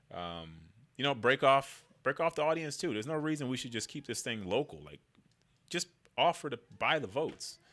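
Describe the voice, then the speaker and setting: A man's voice: medium pitch, bright, forceful tone. A man giving casual political commentary in a slangy, conversational way, riffing loosely as he goes.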